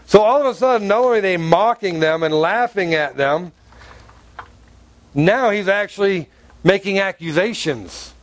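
A man preaching a sermon as pastor, animated and storytelling, laughing often. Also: high voice, normal speed.

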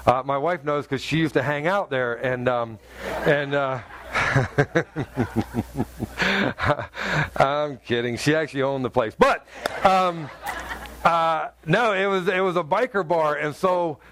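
A man preaching a sermon, telling a personal story in a halting, conversational way full of fillers, then rising to fervent exhortation. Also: fairly high pitch, a bit bright, slight background noise.

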